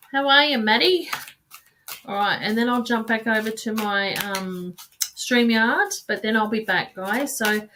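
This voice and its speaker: A woman's voice: on the high side, a bit bright, a little hiss or hum. Sighing, hesitant woman card reader. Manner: halting, searching, with frequent sighs and restarts; calls listeners sweetheart and darling. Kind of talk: live card reading.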